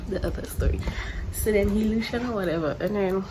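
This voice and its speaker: A woman's voice: medium pitch, a little fast. A young woman vlogger telling a story in casual chat, blunt and profane with lots of slang fillers. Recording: noisy home recording.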